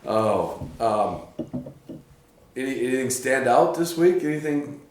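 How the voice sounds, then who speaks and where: A man's voice: medium pitch, expressive, measured pace, a little hiss or hum. A man from Michigan hosting a podcast, telling a rambling story in casual chat at a hunting camp and laughing often. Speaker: podcast host. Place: hunting camp room, drinks being poured. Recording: echoey room.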